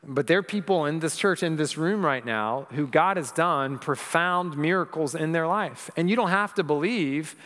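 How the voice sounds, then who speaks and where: A man's voice: on the high side, normal speed, hardly any pauses, a bit bright, in a large hall. A man preaching a sermon as pastor, earnest and rising to emphatic peaks. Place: church sanctuary.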